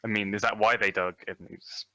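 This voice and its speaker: A man's voice: fairly low pitch, level tone, a little fast, sharp tone, dry recording, low-quality recording. A man playing a tabletop game, speaking casually with hesitant restarts. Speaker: player.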